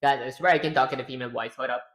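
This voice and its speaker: A man's voice: mid-range voice, steady tone, rapid-fire, fairly bright tone. Rambling man streaming while he codes. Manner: rambling, talks to himself while working. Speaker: streamer and game developer. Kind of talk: casual livestream chat.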